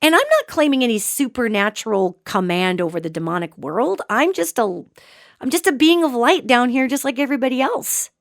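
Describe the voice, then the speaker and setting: Animated woman telling a ghost story. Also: fairly high pitch, brisk, dry recording, studio quality. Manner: animated, dramatic storytelling with sudden loud and soft swings. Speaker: podcast host and psychic. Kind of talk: storytelling monologue.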